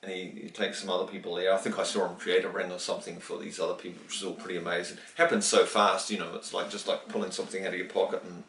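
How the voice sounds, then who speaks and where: A middle-aged man from New Zealand tells a story in a casual interview, his voice on the low side. He acts out the lines he quotes, with restarts along the way. He sits away from the mic, and the room echoes around him. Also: rapid-fire, creaky, few pauses. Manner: animated, acts out quoted dialogue, many restarts. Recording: roomy, distant from the mic.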